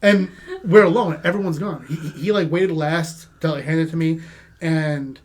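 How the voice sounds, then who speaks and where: A man hosting a podcast, telling a story from his teaching days in a halting way, with many restarts and laughs. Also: fairly high pitch, fairly even intonation. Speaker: podcast host and former teacher. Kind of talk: casual podcast chat.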